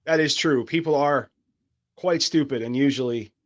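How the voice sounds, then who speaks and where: A man's voice: mid-range voice, normal speed. A man co-hosting a podcast in casual, joking banter, swearing freely. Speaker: podcast co-host.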